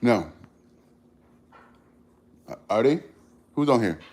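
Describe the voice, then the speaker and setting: A man's voice: mid-range voice, lively intonation, extremely slow, darkish tone. A man talks straight to his livestream viewers in a casual, slangy motivational style. His mid-range voice swings widely up and down as he presses each point, and he repeats lines for emphasis. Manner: earnest, emphatic, repeats phrases for stress. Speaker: livestream host.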